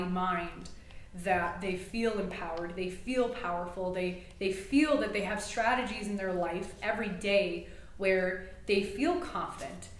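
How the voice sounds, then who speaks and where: A woman's voice: medium pitch, slight background noise. A woman chiropractor co-hosting a podcast, talking with passion and emphasis in casual conversation. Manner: passionate, emphatic, gets fired up. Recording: echoey room with faint ambience.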